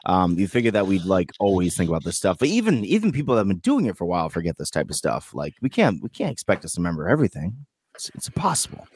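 A man, co-hosting a podcast in animated, joking banter and swearing freely. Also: sits low, fast, slightly rough, no echo, clean studio sound. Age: 30s. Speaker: podcast co-host. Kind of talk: casual chat. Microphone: remote call setup.

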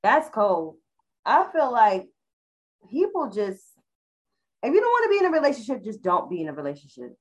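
A woman with a slightly high voice co-hosts a casual podcast. She rants bluntly and profanely, driving home each point with emphatic repetition. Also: wildly swooping pitch, normal speed, pauses often, breathy edge, rough recording. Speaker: podcast co-host. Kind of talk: casual chat.

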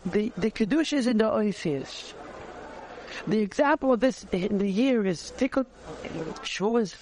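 A man, teaching a conversational Torah class, animated and repeating phrases as he searches for words. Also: high-pitched, measured pace, some chatter behind, slight background noise.

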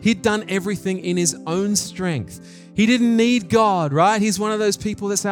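Earnest preaching man, fairly high voice. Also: normal speed, soft background music. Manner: earnest, with casual fillers and restarts. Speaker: pastor. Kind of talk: sermon.

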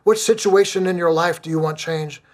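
A middle-aged male pastor preaching a sermon, earnest and deliberate, repeating phrases for emphasis. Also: high-pitched.

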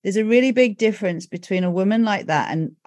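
A woman's voice: medium pitch, fast, dry recording. A middle-aged woman hosting a podcast, talking candidly, often adding "right?" and "you know" as she tells stories. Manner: animated storytelling with many "right?" and "you know". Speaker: podcast host. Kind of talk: candid casual conversation.

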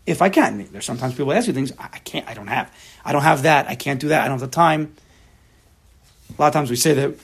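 A gravelly, husky man with a fairly high pitch teaches a Torah class, explaining a religious text to students. He speaks emphatically and acts out imagined inner voices.

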